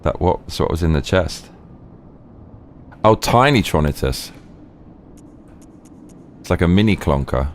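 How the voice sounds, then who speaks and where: A man's voice: low-pitched, animated, a little slow, long pauses, slight background noise. A man with a suburban middle-class British accent, chatting casually while streaming a game live. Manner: casual, chatty, reacting to chat. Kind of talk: live gaming commentary.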